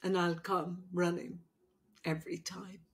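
An older woman talks through tears, slow and halting, with long pauses between her words. Her voice is tender and catches as she speaks to her grown daughter on a podcast. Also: lowish voice, flat delivery. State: crying. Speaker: podcast host, midwife and mother. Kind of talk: emotional heart-to-heart podcast chat.

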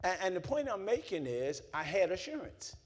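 Preacher man, kinda high voice, goes quiet then shouts, keeps calling on the church to answer. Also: sing-song, normal speed, husky. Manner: call-and-response preaching, swings from low and quiet to shouting. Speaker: pastor. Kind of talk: sermon.

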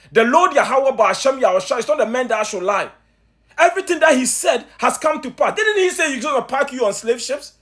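A man preaching with urgent emphasis, repeating himself, stammering restarts and asking his listeners rhetorical questions. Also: extremely high pitch. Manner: stammering restarts when excited. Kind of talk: impassioned sermon commentary.

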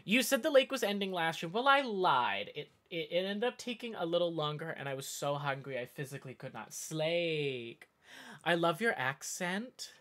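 Here a man from the northeastern US, with a fairly high, slightly bright voice, chats on a live stream. He reads viewers' comments but keeps veering onto tangents, rambling and correcting himself often.

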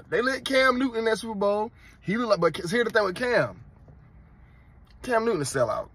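A Southern man from North Carolina rants into the camera as host of his own channel, animated and mocking, with a husky edge and a pitch a bit above most men's. The sound is close and dry. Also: a little fast, no room sound. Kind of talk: casual ranting vlog.

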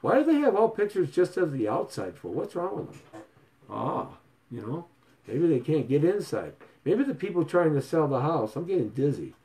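Animated, showy male real estate host. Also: on the high side, normal speed. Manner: showy and playful, sing-song repetitions and stutter gags. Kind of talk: casual sales pitch to viewers.

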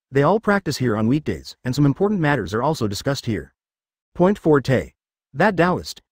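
A man narrates a web novel in an even, machine-like way. His pitch rises and falls a lot. The sound is dry and close. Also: no echo. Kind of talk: text-to-speech novel reading.

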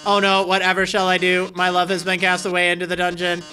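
A woman's voice: lowish voice, monotone, fast talker, pushed and bright, faint music behind. Mettaton, a showy robot star, as a woman puts him on. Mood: mock-tragic. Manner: melodramatic, mock-tragic, calls everyone darling. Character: flamboyant theatrical male robot TV star. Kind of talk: reading game dialogue aloud.

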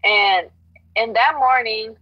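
A woman's voice: on the high side, slow, husky, dull audio. A woman guest, a grocery union organizer, telling her story in an earnest, frank, casual way with many restarts.

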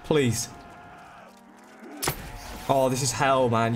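A young man commentating his game live, excitable, swearing and begging the game for help. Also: mid-range voice, normal speed. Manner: swears, begs and pleads under pressure. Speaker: gaming streamer. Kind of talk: frantic live gameplay commentary. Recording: loud game music behind. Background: game music.

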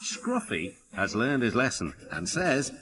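A man narrating a children's story in a lively, expressive way. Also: mid-range voice, a little slow, a crowd in the background.

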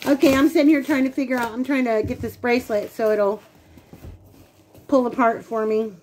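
A woman's voice: high voice, fairly even intonation, a little slow, long pauses, darkish tone, a little hiss or hum. A woman co-hosting a casual unboxing vlog, gushing and talking straight to her viewers. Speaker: channel co-host.

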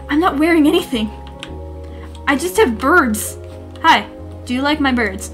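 A woman streamer giving goofy, excitable let's play commentary. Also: sits high, measured pace, long pauses, faint music behind. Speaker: gaming streamer.

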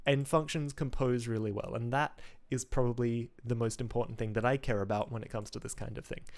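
A man's voice: mid-range voice, fairly even intonation, fairly quick, darkish tone. A man casually talking through his game code on a live stream, thinking aloud with ums, restarts and wry asides.

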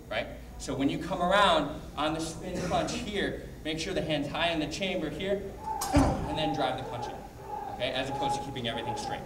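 A man teaching a martial arts class, explaining technique in a brisk coaching manner between called-out drill counts. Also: a little high. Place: martial arts training hall. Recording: echoey hall, distant mic, background noise.

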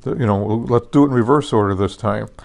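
A man's voice: on the low side, a little fast, vocal fry, darkish tone. A man pastor teaching a sermon in a conversational way, often asking "amen?" and "okay?", with many restarts and self-corrections. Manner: conversational, repeats "okay" and "amen" checks with listeners.

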